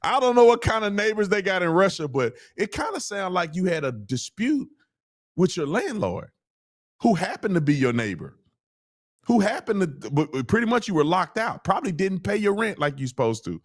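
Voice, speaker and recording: A man's voice: high voice, sing-song, moderate pace. Scornful male commentary host. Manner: mocking, scornful rants. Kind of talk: casual commentary.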